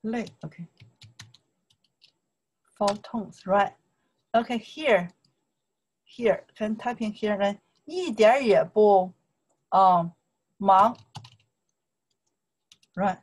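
A woman whose first language is Chinese, teaching a Chinese lesson in simple English and patiently repeating words and tones. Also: mid-range voice. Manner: patient, repetitive, drills tones and words slowly; simple, non-native English.

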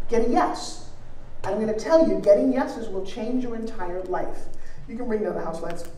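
A woman giving an energetic, joking motivational talk on pitching to a live audience from a stage. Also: normal speed, a little hiss or hum. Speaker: motivational speaker teaching pitching. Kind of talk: live seminar speech to an audience. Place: large event hall on stage. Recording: roomy hall sound from a distance.

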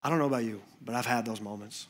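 A man preaching a sermon in church, conversational, moving between animated asides and hushed, earnest passages. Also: mid-range voice, quick pace. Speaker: pastor.

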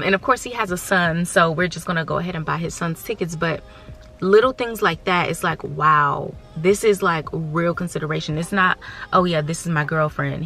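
Gravelly, candid woman vlogger in her thirties. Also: low-pitched, pushed and bright. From United States. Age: 30s. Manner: candid and emotional, talking straight to viewers. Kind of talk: casual vlog chat.

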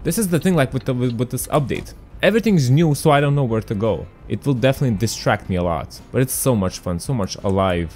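An excitable male streamer giving casual gameplay commentary, his pitch swinging up and down as he reacts. He chats straight to his viewers and now and then shouts at the traffic. Faint music plays behind him. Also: fast talker, hardly any pauses. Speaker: gaming streamer.

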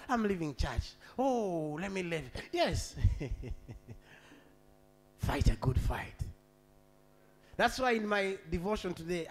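A male pastor delivers a sermon in a strikingly high, husky, gravelly voice. His pitch swings widely as he shouts, half-sings and then drops to a near-murmur. Faint music plays underneath. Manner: preaching with shouted peaks and sung phrases.

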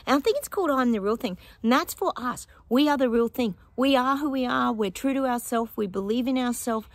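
A woman's voice: fairly high pitch, moderate pace, no room sound. A woman chatting casually to her viewers in a rambling way, filming on a handheld phone outdoors in her backyard. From Australia. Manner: chatty and rambling, breaks into snippets of song. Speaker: psychic vlogger.

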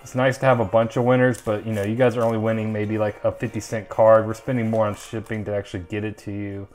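A man's voice: on the low side, level tone, quick pace, darkish tone, faint music behind. Chatty young man opening card packs. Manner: chatty, rambling, lots of ums and uhs. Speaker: channel host opening trading card packs. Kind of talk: casual card-opening commentary.

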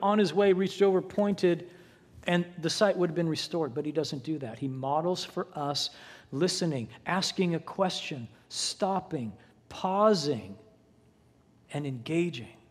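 Male pastor, higher register, dramatic storyteller, large reverberant church. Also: measured pace, a little mellow. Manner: dramatic retelling with voiced quotes. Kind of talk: sermon. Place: church sanctuary. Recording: long hall reverb.

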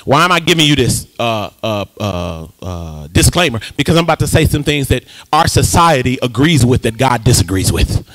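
A male pastor preaching a lively sermon in a church, joking with the congregation and breaking into sing-song call-and-response. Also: mid-range voice, moderate pace, hardly any pauses, low-quality recording. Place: church sanctuary.

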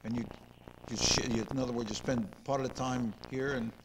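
A man's voice: mid-range voice, fairly even intonation, a little fast. An older man hosting a local interview show. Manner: rambling, repeats words, asks leading questions. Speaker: host. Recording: noisy 2002 local cable recording.

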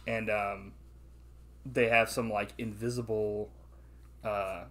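A male podcast co-host reviews a movie in loose, profane conversation, laughing often and acting out lines from the film. His voice is lowish, level, fairly bright, and he takes it slowly.

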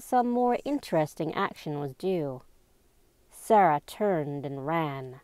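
A woman reading a novel aloud in a slow, even and deliberate storybook narration. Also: sits low, no echo. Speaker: amateur reader.

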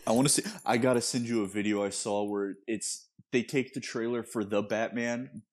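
A man's voice: on the low side, steady tone, normal speed. A young man co-hosting a casual podcast chat with dry, wisecracking humor. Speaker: podcast co-host.

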